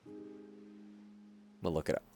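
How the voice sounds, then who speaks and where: A man's voice: lowish voice, steady tone, slow pace, dark tone, faint music behind. A man streaming a video game, chatting casually and reacting to viewer messages. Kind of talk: casual gameplay livestream chat.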